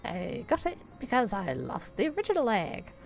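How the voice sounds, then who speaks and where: Streamer putting on a bright young ghost deckhand, chipper and eager, bouncy pitch. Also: female voice, huge pitch swings, normal speed, gravelly, soft background music, exaggerated voice. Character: cheerful ghost sailor in an urn, young man.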